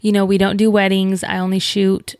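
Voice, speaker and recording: A woman's voice: mid-range voice, completely flat delivery, fairly quick, a little mellow, no echo, studio quality. A woman, chatting casually as co-host and acting out quoted dialogue while telling a story. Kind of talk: casual chat.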